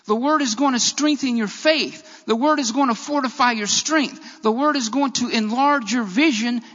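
A man with a strikingly high, slightly bright voice preaches a sermon at a moderate pace, hammering his points by repeating key phrases. A long reverb makes it sound as if he fills a church, though the audio is dull and lo-fi.

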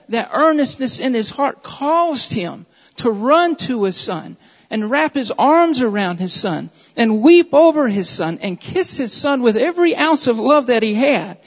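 A man preaching a sermon with an emphatic, repetitive cadence, building his points through repeated phrases. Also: extremely high pitch. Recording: dull audio with long hall reverb.

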